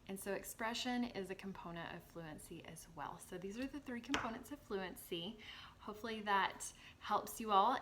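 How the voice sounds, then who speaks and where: A woman with a Southern US accent, a former teacher explaining reading skills to parents in a clear, encouraging tutorial. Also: mid-range voice, fairly bright tone, a little hiss or hum. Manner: clear, encouraging, models examples with her voice.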